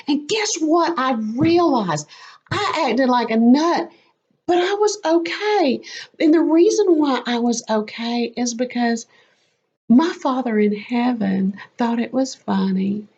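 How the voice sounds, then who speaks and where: A woman telling a lively, self-mocking personal faith story as a testimony. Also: a little high, slightly rough. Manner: animated, quick and self-mocking. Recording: slightly muffled lo-fi audio.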